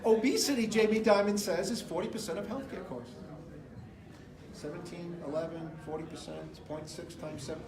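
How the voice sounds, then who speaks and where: A middle-aged man from the United States delivers an off-the-cuff campaign speech, his voice pitched notably high. He talks in a rambling, emphatic way, hopping from stories to statistics. The sound bounces around an echoey room. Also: fairly even intonation, moderate pace, a crowd in the background. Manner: rambling, emphatic, jumps between anecdotes and numbers. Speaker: political candidate. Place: indoor room with an audience.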